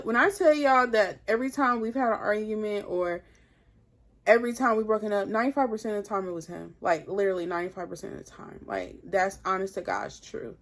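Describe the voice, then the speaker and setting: A young woman vlogger telling a personal story in an animated, casual way, full of "like". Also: medium pitch, a little fast. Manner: animated, heavy filler "like". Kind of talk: storytime vlog.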